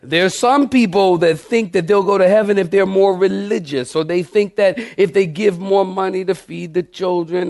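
Man, pastor, middle-aged, emphatic sermon, repeats phrases for weight, fairly high voice, dry close sound. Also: creaky, a little mellow, no echo. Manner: emphatic preacher, repeating key phrases and asking the congregation questions.

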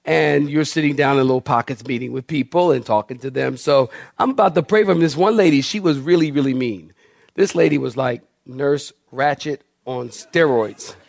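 A man's voice: mid-range voice, normal speed, creaky, dry recording, clean studio sound. A male pastor preaching a sermon to a congregation, telling a story with humor and big swings in his voice.

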